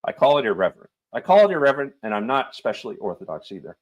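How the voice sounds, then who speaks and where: A man's voice: mid-range voice, sing-song, rapid-fire, muffled recording, pitched above the performer's own voice. A man voicing a pompous middle-aged male police magistrate who blusters, turns irritable and talks down to the accused.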